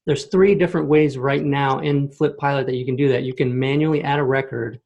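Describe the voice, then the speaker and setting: A man giving a casual screen-share walkthrough of software on a video call, explaining step by step and checking in with "okay?" and "right?". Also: medium pitch, fairly even intonation, fairly quick, creaky, muffled recording. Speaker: software demo host. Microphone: computer mic on a video call.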